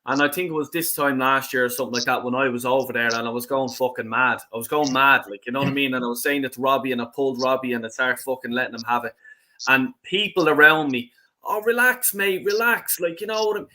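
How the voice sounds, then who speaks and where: A man's voice: medium pitch, fairly even intonation, fast talker, pushed and bright. A man hosting a fan panel stream, talking heatedly and swearing, with frequent fillers. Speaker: host.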